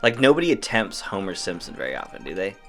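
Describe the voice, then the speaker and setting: A man with a very low voice that still swings widely in pitch chats casually while playing a game. He jokes in an easy, laid-back way. Quiet game music sits underneath. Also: sing-song, quick pace. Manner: joking, laid-back banter. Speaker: let's play co-host. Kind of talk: casual gaming chat. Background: faint game music.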